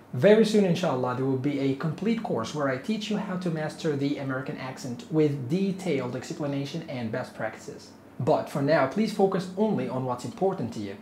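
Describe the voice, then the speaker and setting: A man teaching an English lesson, speaking slowly and patiently and repeating each phrase for learners to copy. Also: mid-range voice, a little mellow. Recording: echoey room with faint noise.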